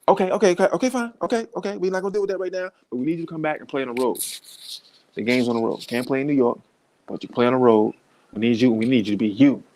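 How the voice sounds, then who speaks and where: A man's voice: mid-range voice, fairly even intonation, rapid-fire, darkish tone, lightly acted. A man acting out a desperate male team executive begging a star player to return. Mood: pleading. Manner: begging, wheedling.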